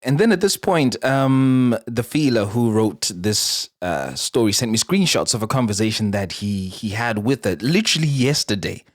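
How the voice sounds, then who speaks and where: A man hosting a casual podcast, reading out a listener's story and breaking in with animated, laughing reactions. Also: mid-range voice, moderate pace, few pauses, dry recording, studio quality.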